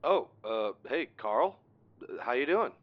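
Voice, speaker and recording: A man's voice: mid-range voice, big pitch swings, measured pace, muffled recording. A man playing an awkward friend who stammers through a voicemail. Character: awkward, hesitant male friend.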